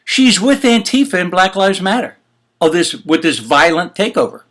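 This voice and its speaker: Guy hosting his own opinion rant, kinda high voice, fed up and cussing. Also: expressive, moderate pace, fairly bright tone. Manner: indignant, exasperated ranting with swearing and rhetorical questions. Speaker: host of an opinion show. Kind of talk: heated opinion commentary.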